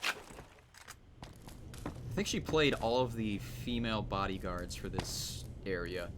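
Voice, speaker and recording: Guy streaming his game mod, lively up-and-down voice, laughs at himself, noisy mic. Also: fairly low pitch, takes it slowly. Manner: rambling, self-mocking, laughs at himself. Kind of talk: casual commentary over gameplay.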